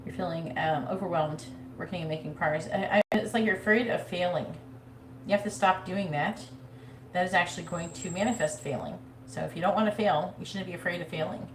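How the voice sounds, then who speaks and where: A woman's voice: lowish voice, fairly quick, slight background noise. A woman giving a live-streamed tarot reading, talking bluntly and swearing freely. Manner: blunt, swears freely, mimics nagging voices. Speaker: psychic reader. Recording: echoey room with faint ambience.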